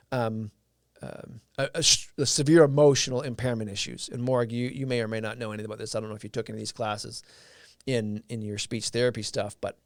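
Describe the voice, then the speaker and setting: A man's voice: medium pitch, no room sound, studio quality. A man hosting a casual livestream, telling a story in a loose, rambling way with lots of fillers and restarts. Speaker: live stream host.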